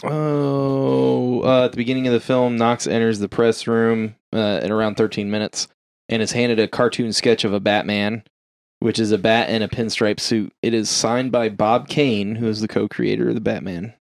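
A man's voice: fairly low pitch, level tone, normal speed, creaky, no room sound, clean studio sound. A man co-hosting a casual film chat, reading out trivia and swearing now and then. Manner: reads trivia aloud, swears and laughs often.

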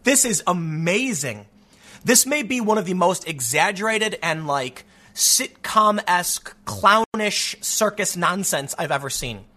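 A man's voice: high-pitched, expressive, unhurried, sharp tone. A man hosting a sarcastic opinion monologue, rambling with frequent restarts. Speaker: commentary host.

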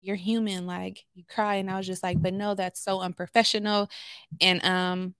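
A woman's voice: mid-range voice, level tone, normal speed, a bit bright, smooth, dry recording, clean studio sound. A woman from Los Angeles, a therapist, telling candid stories as a podcast guest with many fillers. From Los Angeles, USA. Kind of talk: podcast conversation.

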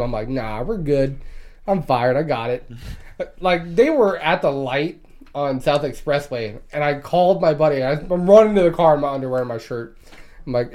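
A man's voice: on the high side, normal speed, darkish tone. A young man telling crude stories in casual chat, swearing and laughing as he talks. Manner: profane, laughing storyteller.

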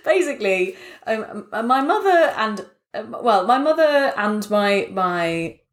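A woman, co-hosting a casual chat from her flat with animated, jokey asides. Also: medium pitch, unhurried. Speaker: podcast co-host. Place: home flat.

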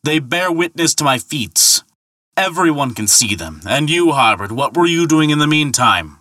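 A man doing a loud, blustering thunder god, higher and brighter. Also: big pitch swings, moderate pace, dry recording, clean studio sound. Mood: boastful. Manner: loud, indignant boasting. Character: boastful hot-tempered male thunder god.

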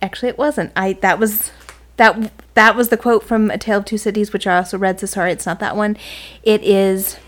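A woman's voice: mid-range voice, steady tone, fairly quick. Woman telling a self-mocking story. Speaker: podcast co-host. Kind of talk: casual chat.

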